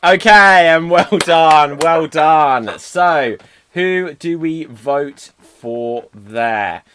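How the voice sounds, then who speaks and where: Upbeat male host, a bit higher-pitched, running an improv stream. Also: extremely slow, fairly bright tone, slight background noise. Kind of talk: livestream hosting.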